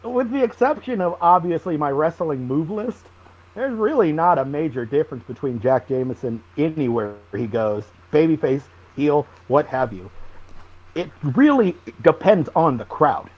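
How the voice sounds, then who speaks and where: A man, a wrestling guest on a podcast, telling stories in a lively, animated way. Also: a little high, moderate pace, highs cut off. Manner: animated storyteller, acts out shouted quotes. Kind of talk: casual storytelling interview.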